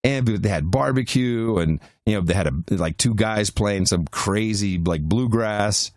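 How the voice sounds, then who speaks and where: A man's voice: lowish voice, a little slow, darkish tone, dry recording, clean studio sound. A man co-hosting a podcast, telling a long travel anecdote in casual chat with frequent restarts and fillers. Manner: rambling anecdotes with many restarts. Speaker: podcast co-host.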